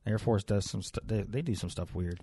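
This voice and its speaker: Profane storytelling young man, deep voice. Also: a little fast, breathy edge, no room sound. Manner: profane, animated storyteller acting out dialogue. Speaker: podcast co-host. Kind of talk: casual podcast chat, telling a story.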